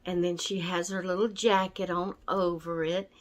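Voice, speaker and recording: Her voice sits on the lower side and her delivery is flat. She's a doll channel vlogger talking casually to the camera, slow and chatty, a bit breathless from asthma and easily pulled off track.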